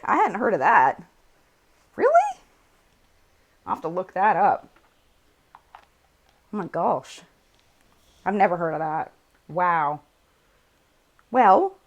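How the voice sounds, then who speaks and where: A woman's voice: mid-range voice, very animated, takes it slowly, long pauses. An American woman hosting a casual live chat, reading viewer comments aloud and showing makeup on camera.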